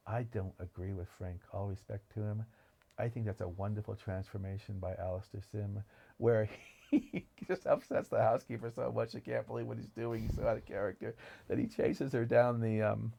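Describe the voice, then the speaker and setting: Gravelly low-voiced man chatting enthusiastically. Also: steady tone, moderate pace, dark tone, a little hiss or hum. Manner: enthusiastic, digressive storytelling. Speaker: podcast co-host. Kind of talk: casual film discussion.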